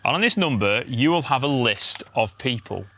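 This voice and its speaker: A man hosting a relaxed chat in a pub beer garden, eager and quick to laugh. His voice is bright and bounces all over the place in pitch. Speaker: podcast host running a quiz game.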